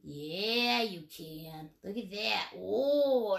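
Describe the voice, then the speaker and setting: Brief: woman art instructor, bright lively voice, unhurried, playful sing-song asides while teaching. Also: on the high side. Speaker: painting instructor. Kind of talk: live painting lesson, step-by-step instructions.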